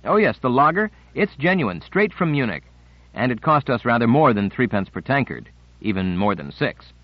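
A man's voice: medium pitch, big pitch swings, moderate pace, no echo. A young guide , as a male narrator reads him, addresses a group with wry, mock-apologetic politeness. The audiobook recording is dry and slightly muffled.

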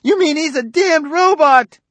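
A man voicing a defiant middle-aged male suspect who turns shrill and shouts when cornered. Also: very animated, moderate pace, no room sound. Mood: panicked.

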